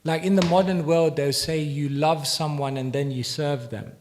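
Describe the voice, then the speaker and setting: A man's voice: on the high side, fairly even intonation, moderate pace, a little mellow. Reflective man answering a class question. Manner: reflective, conversational, with restarts. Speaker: spiritual teacher. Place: temple hall.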